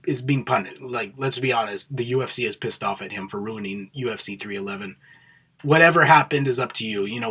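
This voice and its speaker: Husky, profane, rambling man. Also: medium pitch, a bit bright. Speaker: MMA vlogger. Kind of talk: casual solo commentary vlog.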